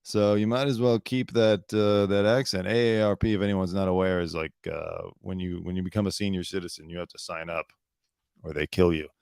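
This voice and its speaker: A man's voice: deep voice, fairly even intonation, fairly quick, gravelly, a little mellow, smooth, dry recording. Dry-voiced sarcastic male commentator. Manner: sarcastic, rambling, swears freely. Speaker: show host. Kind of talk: casual solo commentary.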